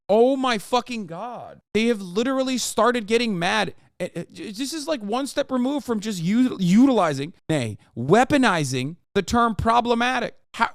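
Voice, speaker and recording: A man in his thirties streaming live, reading an article aloud fast and ranting about it with mocking, profane commentary. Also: high-pitched, dry recording, studio quality.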